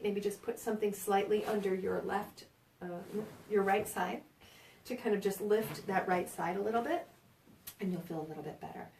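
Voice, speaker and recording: A woman's voice: mid-range voice, darkish tone, a little hiss or hum. A woman with a New York accent teaching a birth class in a chatty, reassuring way, often checking in with "right?". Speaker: birth center educator. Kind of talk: informal prenatal class talk. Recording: roomy sound from a distant mic.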